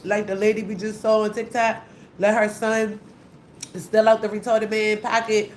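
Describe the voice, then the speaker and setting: Young woman, heated profane rant, mid pitch, echoey room. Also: little pitch movement, normal speed. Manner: heated, blunt, repetitive, swearing often. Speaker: vlogger. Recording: echoey room with faint hum.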